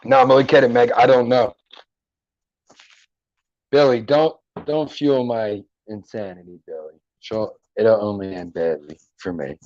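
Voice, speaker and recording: A man's voice: mid-range voice, steady tone, measured pace, darkish tone, no room sound, highs cut off. A middle-aged man hosting a livestream, chatting casually and joking with viewers' comments in a loose, profane way. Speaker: livestream host. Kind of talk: casual chat reading live comments. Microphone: headphones and mic at a computer.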